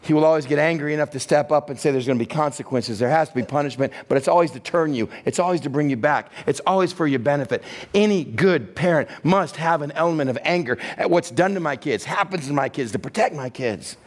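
Texan pastor guy preaching, voice sits kinda high, gets loud and punchy then drops low. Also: fast talker, hardly any pauses. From Texas. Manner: animated preaching, rising and falling in pitch and force. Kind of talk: sermon.

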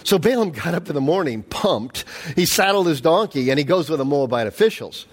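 High-pitched animated male preacher. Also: a little fast. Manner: animated storytelling with acted-out quotes. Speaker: pastor. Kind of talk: sermon.

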